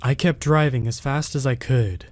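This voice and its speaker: A man at an ordinary middle pitch tells a first-person horror tale from a script. His delivery is steady and measured, keeping an even storytelling pace.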